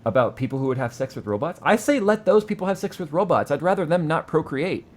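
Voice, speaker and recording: A man's voice: fairly high pitch, lively intonation, quick pace. A man co-hosting a casual tech talk show, joking around and reading an article in a playful, dramatic way. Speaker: co-host. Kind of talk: casual tech podcast chat.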